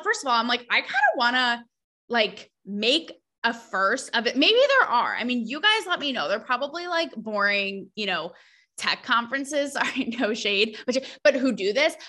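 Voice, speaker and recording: A young woman hosting a podcast, talking in a blunt, sarcastic and animated way with quick asides. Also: on the high side. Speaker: podcast host. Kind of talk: casual opinionated monologue.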